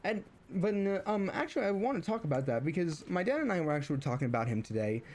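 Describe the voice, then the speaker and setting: A young man with a slightly high voice rambles through a casual rant, tripping over false starts and fillers. He sounds exasperated as he vents. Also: big pitch swings, fast, a little mellow. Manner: exasperated, venting. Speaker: streamer.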